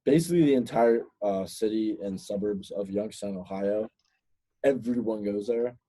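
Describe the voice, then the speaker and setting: A young man hosting a podcast, chatting in a relaxed way and prompting his guest. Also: lowish voice, normal speed, slightly rough. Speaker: podcast host. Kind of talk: casual chat.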